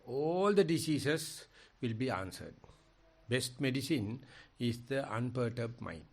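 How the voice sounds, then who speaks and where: An older man, a Buddhist monk with a Sri Lankan accent, teaching in a discussion and telling animated stories. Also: mid-range voice. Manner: animated storytelling, quoting others. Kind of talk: dhamma discussion.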